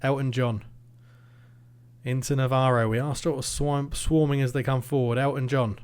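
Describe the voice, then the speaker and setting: A man commentating his own football management game, swinging between nervous muttering and excited shouting. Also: mid-range voice, normal speed, smooth. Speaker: gaming YouTuber.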